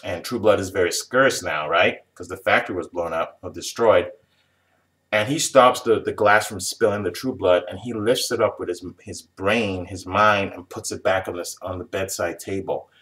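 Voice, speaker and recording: A man's voice: lowish voice, a bit bright. A man casually recapping a TV episode for a review video, rambling, chuckling and restarting sentences. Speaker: TV show reviewer.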